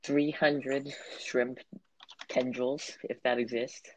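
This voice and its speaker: A woman's voice: extremely low pitch, level tone, slow, slight background noise, low-quality recording. A young woman giggling through an absurd improvised date scene, making silly requests. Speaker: improv role-player. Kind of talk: playful improvised role-play.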